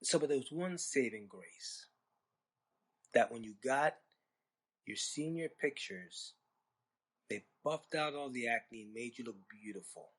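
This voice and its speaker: A man's voice: medium pitch, animated, measured pace, long pauses, fairly bright tone, slightly rough. A man hosting a storytelling podcast, talking in a rambling, conversational way with sarcastic asides. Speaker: podcast host. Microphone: podcast microphone.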